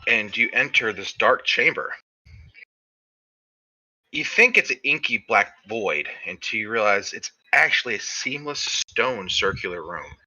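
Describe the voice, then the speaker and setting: A man narrating a tabletop game as game master, describing scenes in slow detail with fillers. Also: fairly low pitch, lively intonation, bright, forceful tone, highs cut off.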